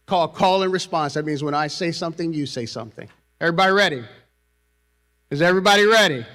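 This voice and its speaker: A man's voice: on the high side, fairly quick, long pauses, fairly bright tone. A man giving a convocation speech as university president, rousing the crowd and leading call and response.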